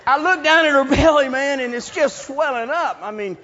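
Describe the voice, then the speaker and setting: A man preaching a sermon as a comic story, animated, swinging from loud bursts to hushed asides. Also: very high-pitched, moderate pace, muffled recording, a faint crowd.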